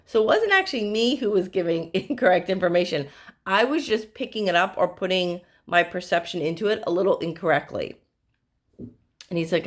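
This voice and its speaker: A woman psychic medium talks earnestly to her viewers, offering spiritual advice through stories. Her voice sits a little low for a woman. She speaks directly and plainly to the listener. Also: lively intonation, normal speed. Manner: earnest, storytelling, direct address.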